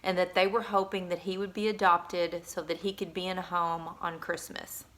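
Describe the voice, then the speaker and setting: A woman's voice: lowish voice, level tone, moderate pace, a bit bright. A woman vlogger and mother telling viewers a heartfelt story in a casual, earnest way. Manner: earnest and emotional, addresses viewers directly.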